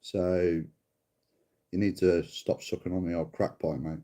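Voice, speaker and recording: Speaking in a deep, warm voice with a flat delivery and measured pace, a middle-aged man runs a livestream. He trades sweary, mocking jabs with a viewer he keeps calling mate.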